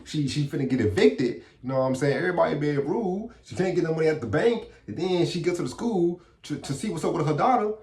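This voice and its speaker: A man's voice: fairly high pitch, quick pace, few pauses. Slangy man recapping a movie, echoey. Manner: slangy, animated, retelling. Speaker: movie reviewer. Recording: echoey room.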